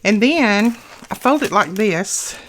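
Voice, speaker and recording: A woman's voice: medium pitch, animated, slow, a little hiss or hum. A woman hosting a casual craft tutorial, talking through each step in a chatty, homely way with small asides.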